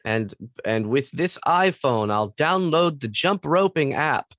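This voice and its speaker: A man's voice: a little high, lively intonation, slow, fairly bright tone, dry recording, studio quality. A young man co-hosting a podcast, goofy and giggly in casual comedic chat. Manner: giggly, goofy, laughs often. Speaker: podcast co-host.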